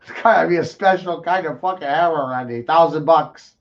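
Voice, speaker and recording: A man's voice: fairly high pitch, fairly quick. Swearing ranting man, lo-fi sound. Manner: crude, swearing, mocking rants with sudden loud outbursts. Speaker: show host. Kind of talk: profane ranting talk show.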